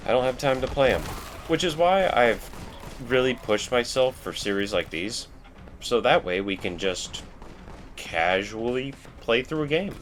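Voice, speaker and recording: A man's voice: mid-range voice, animated, measured pace, faint music behind. A man rambling in casual, self-deprecating commentary while he plays a video game. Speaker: let's play host.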